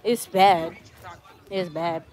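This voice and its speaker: Walking outdoors, a woman hosts a travel vlog live stream, chatting casually and reading viewer comments aloud. Her fairly low voice has a darkish tone, fairly even intonation, and drawn-out words. The audio is noisy outdoor sound from a handheld phone camera.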